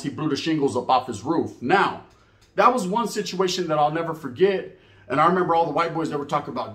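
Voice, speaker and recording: A man's voice: fairly high pitch, echoey room. A man telling prison stories in a casual, profane, slang-heavy monologue, laughing at his own tales. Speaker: storyteller recounting prison life.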